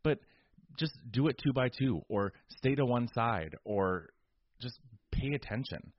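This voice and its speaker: A man's voice: mid-range voice, animated, measured pace, dry recording, dull audio. A man co-hosting a podcast, telling a story in casual chat, exasperated and ranting. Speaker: podcast co-host.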